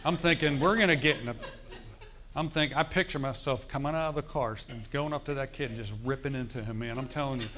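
A middle-aged male pastor, telling a story in a sermon in a conversational, animated way and asking the congregation questions. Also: mid-range voice, quick pace, few pauses.

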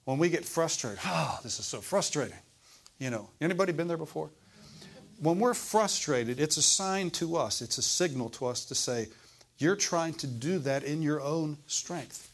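A man preaching a sermon in a church service, asking the congregation questions and swinging between loud and hushed delivery. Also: on the high side, moderate pace. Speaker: pastor.

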